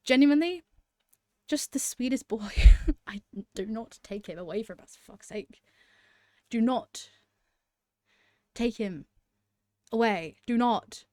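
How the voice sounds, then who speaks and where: A woman's voice: fairly high pitch, lively intonation, slow, long pauses, warm tone, no echo, clean studio sound. A young woman chatting casually to camera as a vlogger, gushing about favourite channels, laughing often and swearing freely.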